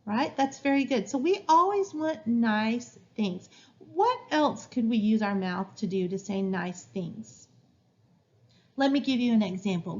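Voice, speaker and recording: Brief: woman as a kindergarten-style teacher, slightly high, patient sing-song delivery, dull lo-fi recording. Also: darkish tone. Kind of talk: classroom rules lesson to young children.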